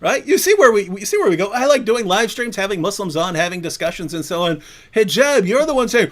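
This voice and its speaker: Brief: high-pitched man, livestream host, mocking, goading, laughing through his taunts. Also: animated, a little fast, a bit bright. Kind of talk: provocative livestream chat.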